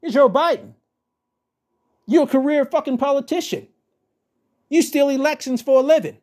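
A man hosting a podcast, ranting bluntly with heavy profanity and telling a story in a casual, animated way. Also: very high-pitched, moderate pace. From Texas. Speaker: podcast host. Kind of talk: profane political rant and storytelling.

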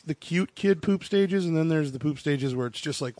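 A young man and father chatting casually on a podcast, joking and profane as he tells quick stories. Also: a little high, warm tone.

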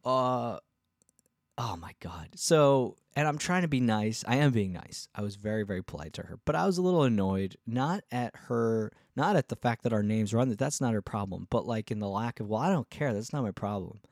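Low-voiced man telling a rambling story. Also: expressive, fairly quick, few pauses, a little mellow, dry recording, clean studio sound. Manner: rambling, frequent restarts, acts out others' lines. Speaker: touring musician and podcast host. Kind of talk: casual storytelling monologue.

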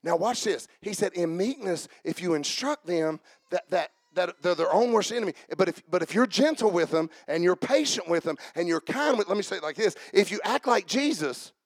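A man preaching a sermon as pastor, joking with the congregation and building to shouted passages. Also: high voice, expressive, moderate pace, few pauses, no echo.

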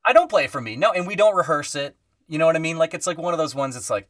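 A man's voice: fairly high pitch, rapid-fire, no echo, clean studio sound, far from the mic. A man, a guest musician, telling stories in casual podcast chat, acting out quoted voices with lots of fillers. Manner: animated storyteller, acts out quoted voices, many fillers.

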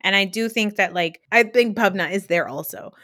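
An opinionated woman hosts a casual podcast chat, filling her sentences with "like". Her voice is mid-pitched. The sound is dry and close. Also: fairly bright tone, no room sound. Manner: fast, opinionated, filler-heavy "like". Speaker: podcast host.

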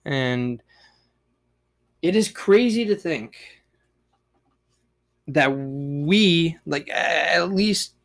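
A young man hosting a casual solo podcast, ranting in a profane, rambling way with big swings in pitch and loudness. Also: lively intonation, extremely slow, vocal fry, pauses often. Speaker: podcast host.

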